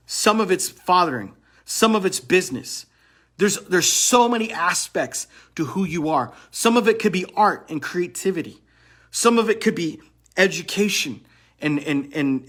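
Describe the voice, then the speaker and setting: A man's voice: high-pitched, animated, a little slow, a bit bright. A man coaching other men on relationships in a blunt motivational monologue, swearing and repeating phrases for emphasis.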